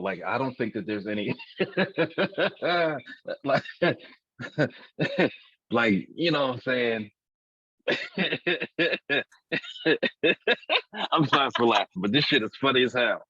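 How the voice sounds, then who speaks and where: A man's voice: lowish voice, measured pace, a bit bright, breathy edge, dry recording. A man in his forties, co-hosting a podcast in candid comedic chat, frank and profane, often laughing at his own jokes. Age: 40s. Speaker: podcast co-host. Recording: dull dry lo-fi recording.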